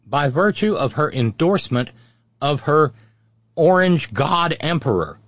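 A man's voice: fairly high pitch, lively intonation, measured pace, a bit bright, no echo. A man hosting a political talk show, delivering sarcastic, mocking commentary. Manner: mocking, sneering, does mocking impressions. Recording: dry, dull lo-fi audio.

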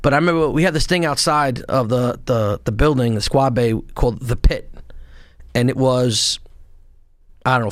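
A man in casual podcast talk, telling profane, animated stories of his past and acting out shouts along the way. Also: medium pitch, no room sound. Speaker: podcast guest, former Marine and police officer. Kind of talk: casual storytelling.

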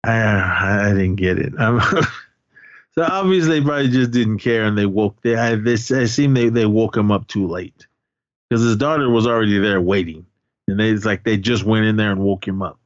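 A podcast co-host with a lowish voice retells a film's plot at a moderate pace in a casual movie recap chat, full of filler words and acted-out quotes from the film. The audio is dull and dry, with no room sound.

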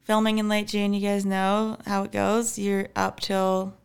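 A young woman tells a story in loose, casual podcast chat. Her voice is smooth and clear at a middle pitch. She fills her talk with "like" and "anyways" and laughs easily. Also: flat delivery, a little slow. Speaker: podcast guest.

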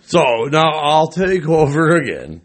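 A man's voice: on the high side, very animated, unhurried. A man co-hosting a podcast, telling a story in casual chat, rambling, repeating words and swearing. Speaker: podcast co-host.

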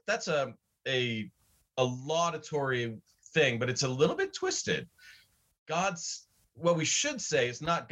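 A man of middling pitch talks in an earnest, reflective way. As a guest on a talk show, he works carefully through his ideas. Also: fairly bright tone. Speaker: guest from a Bible study center. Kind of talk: conversational interview.

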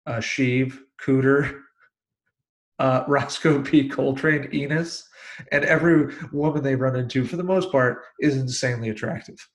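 A man's voice: medium pitch, a little slow. Man wryly reviewing a movie. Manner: wry, dry joking, summarizes plot. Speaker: podcast co-host. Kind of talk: casual movie review chat.

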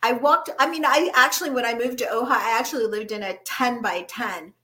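A woman's voice: a little high, a little fast. A woman guest in casual conversation, telling stories and acting out the voices of the people in them. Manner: animated, acts out the voices in her stories. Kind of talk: casual chat, storytelling.

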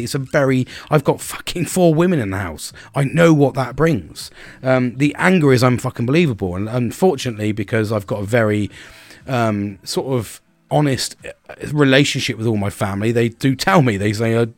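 A man's voice: medium pitch, animated, fairly quick, no room sound. A middle-aged man hosting a podcast, talking candidly and bluntly in a casual monologue, swearing often and repeating words as he starts sentences. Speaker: podcast host.

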